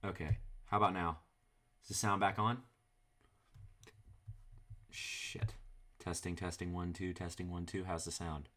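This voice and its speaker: A man's voice: sits low, level tone, measured pace, pauses often, fairly bright tone. A man hosting his own vlog, chatting casually while he cooks in a home kitchen, rambling through asides. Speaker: vlogger host. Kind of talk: casual cooking chat.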